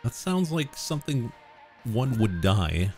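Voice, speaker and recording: Gravelly, animated male streamer reading game text aloud with quips, dry sound over faint music. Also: medium pitch, slow. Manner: reads narration, then drops into joking asides. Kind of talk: live-stream reading with asides.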